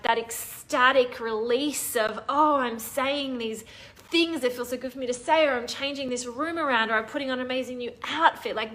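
A woman's voice: a little high, fairly bright tone. A woman hosting a live online coaching session, talking enthusiastically and reading out viewer comments. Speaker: online course host. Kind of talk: live-stream coaching talk.

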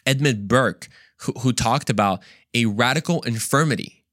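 A man's voice: medium pitch, normal speed, a bit bright, dry recording. Dry-voiced man explaining. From United States. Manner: conversational, explains step by step, often checks in with "right?". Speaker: podcast host. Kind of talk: casual teaching talk.

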